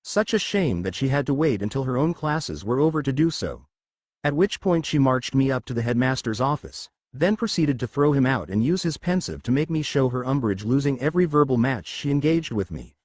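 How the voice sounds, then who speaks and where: A man narrating a humorous fan fiction story in a lively reading voice. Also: mid-range voice, fairly quick, no room sound, clean studio sound.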